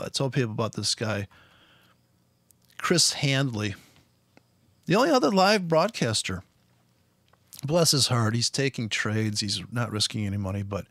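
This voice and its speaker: A man's voice: mid-range voice, a bit bright, no room sound. A man ranting bluntly over his trading charts, swearing nonstop and laughing at his own jokes. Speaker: forex trader streaming his charts. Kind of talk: profane ranting commentary.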